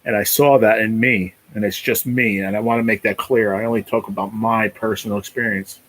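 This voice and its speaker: A man's voice: lowish voice, steady tone, fairly quick, a bit bright, low-quality recording. A man hosting a casual live stream, talking in a rambling, emotional way, full of "you know", and close to tears. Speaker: livestream host.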